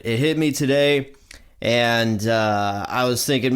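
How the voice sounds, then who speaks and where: A man's voice: mid-range voice, measured pace, clear, resonant tone. A man with a stuffy nose from allergies, hosting a podcast and recapping a cartoon episode in a chatty, upbeat way. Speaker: podcast host.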